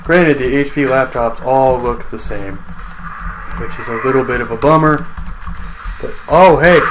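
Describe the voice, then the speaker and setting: A man's voice: medium pitch, normal speed, noisy background. A man giving casual let's-play commentary on his own game, rambling and chatty, joking with the enemies as they come at him.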